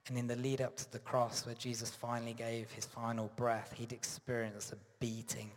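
Male preacher, mid pitch, lively storytelling sermon. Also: long reverb tail. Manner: animated storytelling, acting out quotes, dropping to soft intimate tones.

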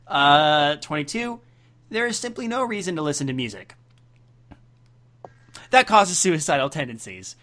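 A man's voice: on the high side, big pitch swings, normal speed, long pauses, pushed and bright. A man co-hosting a casual comedy podcast, reading out list items and riffing on them sarcastically. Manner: sarcastic, reads list items aloud and riffs. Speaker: podcast co-host.

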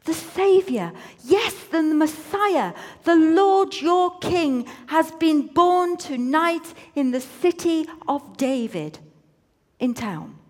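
A woman's voice: a little high, very animated, slow pace, pitched above the performer's own voice, exaggerated voice. A woman reading the lines of a male angel who is earnest and a little pleading, in a room with a long reverb. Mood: eager.

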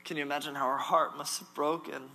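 A male preacher delivers a sermon in a bright, somewhat high voice. He hammers points home with repetition and humor, swinging from loud emphasis to hushed gravity. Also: flat delivery, fast talker.

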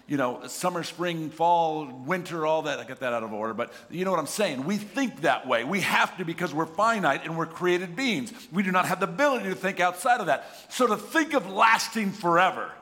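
A middle-aged man preaching a sermon, animated, acting out the voices of people talking to God. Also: on the high side, normal speed. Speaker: pastor. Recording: reverberant hall.

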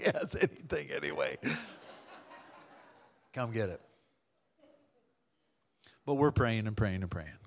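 A man preaching as a pastor, telling a testimony story to his congregation, acting out the people he quotes. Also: medium pitch. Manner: storytelling, animated, acts out quoted dialogue with laughs. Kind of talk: sermon testimony.

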